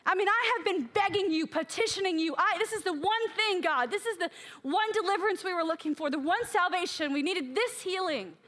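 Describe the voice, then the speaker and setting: A woman's voice: very high-pitched, fairly quick, fairly bright tone. A woman preaching a sermon in a candid, emotional way, acting out her own prayers aloud and sounding tired from crying.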